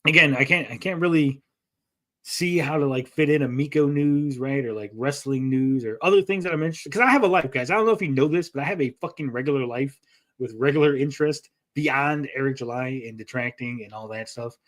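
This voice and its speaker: A man's voice: mid-range voice, brisk, fairly bright tone. A man hosting a casual livestream, rambling and joking as he reads out chat messages. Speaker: livestream host.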